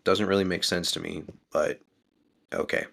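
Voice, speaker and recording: A man's voice: low-pitched, fairly even intonation, moderate pace, gravelly, a bit bright. A man casually recapping a book chapter and musing aloud with questions about it. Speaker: book discussion host.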